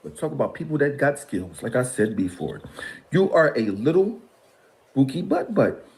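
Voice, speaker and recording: A man's voice: medium pitch, big pitch swings, moderate pace. A middle-aged man in an interview, ranting in a mocking, exasperated way and laughing between jabs. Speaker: interview guest. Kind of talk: heated call-out rant.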